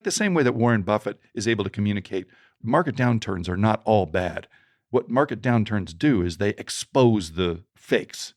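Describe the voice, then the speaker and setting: A middle-aged man with a low, gravelly voice talks through storytelling advice as a podcast guest. He is animated and acts out the people in his stories. The sound is close and dry. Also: no echo.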